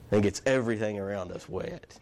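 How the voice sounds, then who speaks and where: A man's voice: on the low side, fairly quick, a little mellow, slight background noise. A man preaching a sermon in a conversational way. He restarts his phrases and asks his listeners questions. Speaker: pastor.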